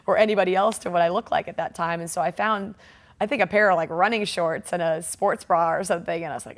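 Animated woman telling a story. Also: lowish voice, fast talker. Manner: animated, laughing, acts out quotes. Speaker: triathlete guest. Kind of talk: casual storytelling interview.

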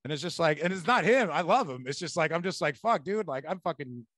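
A man hosting a comedy podcast, telling animated stories in casual chat and swearing freely. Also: on the high side, fast, no room sound, studio quality. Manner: animated storyteller, swears a lot.

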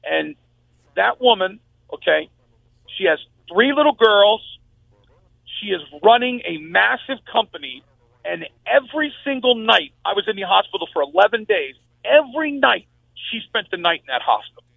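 Gravelly older man on a tinny phone line. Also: sits high, expressive, moderate pace, dry recording. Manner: emphatic, repeats his words for stress. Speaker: sports talk radio host. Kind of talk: guest telling a personal story. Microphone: phone call.

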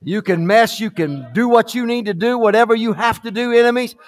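High-pitched preacher guy, swings from hushed story to shouting praise, live in church. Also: a little fast. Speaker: pastor. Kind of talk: fiery sermon. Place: church sanctuary, live service.

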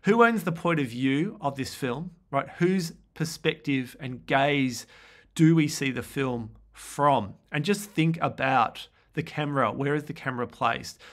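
A man's voice: medium pitch, creaky, fairly bright tone. A man giving a casual film lecture, thinking aloud with fillers and restarts and posing questions to students.

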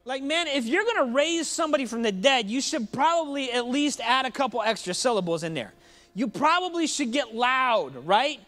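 A man's voice: extremely high pitch, big pitch swings, normal speed, sharp tone. A man preaching a sermon in a church, joking and conversational, addressing the congregation directly. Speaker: pastor.

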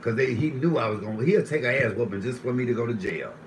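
A man's voice: animated, fast talker, poor audio. Guy cussing n ranting on his cooking live, slight noise behind him. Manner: profane, loud ranting, swings from low mutters to raised shouts. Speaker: livestream host. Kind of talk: live-stream rant while cooking.

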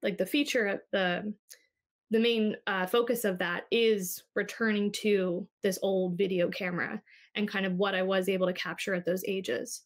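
A woman's voice: mid-range voice, fairly even intonation, moderate pace. Reflective woman in her thirties. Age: 30s. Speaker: filmmaker guest. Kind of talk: casual panel chat.

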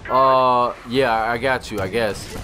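A young man doing profane, excitable let's-play commentary. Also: mid-range voice, slow pace, background noise. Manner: profane, excitable trash talk. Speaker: gamer commentator.

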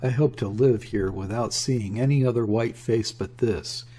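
A man's voice: medium pitch, normal speed, dark tone, slight background noise, lightly acted. A man voicing a proud, defiant young woman who speaks abruptly and intensely.

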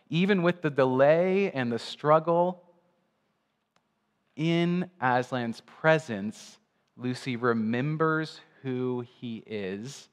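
Guy preaching slow and thoughtful, mid voice, church hall reverb. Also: medium pitch. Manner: slow, reflective storytelling. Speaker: guest preacher. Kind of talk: sermon.

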